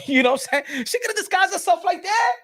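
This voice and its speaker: A man hosting a small boxing channel, ranting comically, laughing and repeating lines with shouted bursts. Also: very high voice, sing-song, quick pace. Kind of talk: comedic rant commentary.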